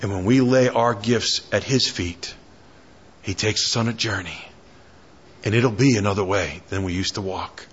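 Husky-voiced man preaching. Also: on the low side, moderate pace, muffled recording. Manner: preaching with repetition, rising fervor on prayers. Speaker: pastor. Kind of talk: sermon.

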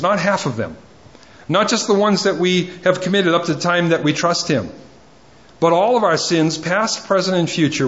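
A man's voice: on the high side, muffled recording. A male pastor preaching a sermon, pleading earnestly and driving points home with emphatic repetition.

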